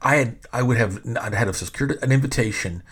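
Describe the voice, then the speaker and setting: A man's voice: medium pitch, fairly quick, fairly bright tone, slightly rough. A middle-aged man hosting a podcast. He tells stories casually in rambling, self-interrupting sentences and swears often. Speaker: podcast host. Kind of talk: casual storytelling.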